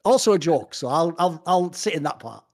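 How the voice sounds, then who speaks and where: A man's voice: on the high side, lively intonation, fairly quick, darkish tone. A man co-hosting an esports show, chatting in a brash, teasing way with plenty of swearing. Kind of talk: casual opinionated chat.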